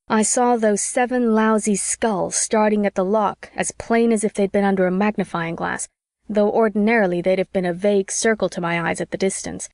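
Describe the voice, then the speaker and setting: A woman's voice: mid-range voice, a little mellow, dry recording. Woman narrating an audiobook, dry sound.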